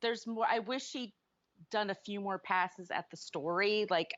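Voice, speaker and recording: A woman co-hosting a podcast, chatting casually about a film with quick opinionated asides. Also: medium pitch, fairly bright tone, no room sound. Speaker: podcast co-host. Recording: slightly muffled dull podcast mic.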